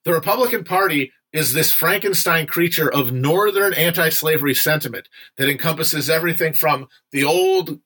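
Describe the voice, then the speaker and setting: A young livestream host with a bright, somewhat high voice chats casually about a history book he has been reading. He rambles at a moderate pace with hardly any pauses, restarting often, filling gaps with "uh" and swearing now and then.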